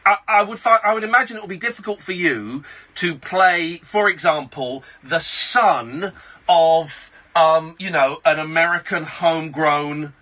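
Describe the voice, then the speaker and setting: A man's voice: a little high, a little slow, pushed and bright. A man hosting a late-night radio phone-in, blunt and rambling with many restarts. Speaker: radio host. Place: radio studio. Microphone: studio microphone.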